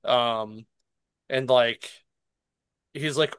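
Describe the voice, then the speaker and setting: A man's voice: mid-range voice, very slow, pauses often, a bit bright, clean tone, no echo, studio quality. A man casually recapping and reviewing a comic book on a podcast, rambling with fillers and laughing often.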